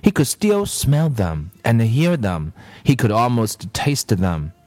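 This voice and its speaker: A man reading a children's story aloud in an expressive, measured manner. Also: mid-range voice. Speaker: narrator.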